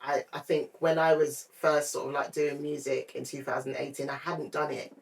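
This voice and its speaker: A woman co-hosting a podcast talks in a relaxed, chatty way, spinning out stories from her own life. Her voice sits a little away from the microphone. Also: deep voice, normal speed, creaky, recorded from a distance. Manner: chatty, storytelling. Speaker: podcast co-host. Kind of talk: casual chat.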